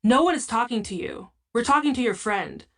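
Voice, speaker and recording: A man's voice: high-pitched, fairly quick, a bit bright. A woman reading the lines of an aggressive young man in an audiobook, in her own everyday voice. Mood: hostile.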